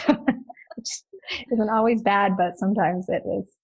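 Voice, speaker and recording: A woman guest on a podcast, a mother speaking proudly and warmly with easy laughs. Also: medium pitch, steady tone, unhurried, vocal fry, husky, poor audio. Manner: warm, proud and laughing easily. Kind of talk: interview answers.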